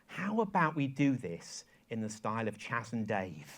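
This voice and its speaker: A man with a lively storytelling manner, telling an anecdote on stage to a live audience and leading a sing-along. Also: medium pitch, moderate pace, hardly any pauses, noisy background. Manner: lively storyteller, quoting emails in voices. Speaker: songwriter giving a talk. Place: event hall with live audience.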